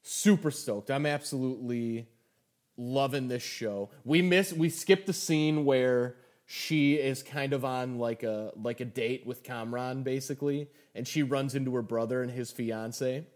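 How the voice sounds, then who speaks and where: A young man co-hosting a podcast in casual chat, excitable and laughing often as he recaps an episode. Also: mid-range voice, unhurried. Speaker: podcast co-host.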